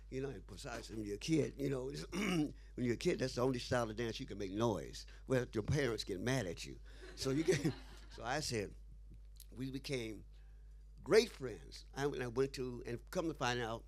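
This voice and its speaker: Gravelly, lively male storyteller. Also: mid-range voice. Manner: acts out dialogue, laughs often. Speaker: interview guest. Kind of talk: animated storytelling.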